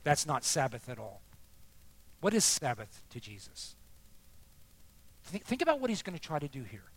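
Animated, high-voiced male preacher. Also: normal speed, husky. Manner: expressive, swings between soft and emphatic. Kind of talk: sermon.

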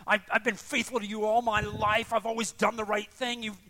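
An older man preaching, voicing a resentful elder son who complains indignantly in a raised, higher voice. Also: flat delivery, fairly quick, sharp tone, long reverb tail.

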